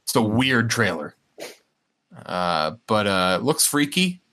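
A man's voice: on the low side, big pitch swings, slow, sharp tone. A man co-hosting a podcast in casual chat, rambling along with frequent fillers and restarts. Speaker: podcast co-host.

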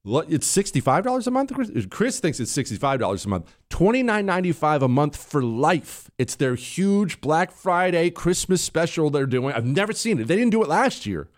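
A man hosting a talk show, telling a story in a punchy, animated way. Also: normal speed, hardly any pauses. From United States. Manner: animated, wide swings in pitch, punchy delivery. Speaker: radio talk show host. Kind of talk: casual storytelling monologue.

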